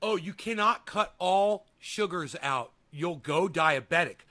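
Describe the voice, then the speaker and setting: A man's voice: high-pitched, animated, moderate pace, few pauses, sharp tone. A man hosting a livestream, reading chat comments and answering them in a profane, combative, rambling way. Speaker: livestream host.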